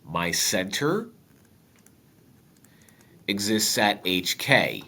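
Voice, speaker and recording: Deep nasal man with a cold. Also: very slow. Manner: relaxed, joking asides to viewers. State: stuffy with a cold. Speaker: math teacher. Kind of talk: step-by-step math lesson.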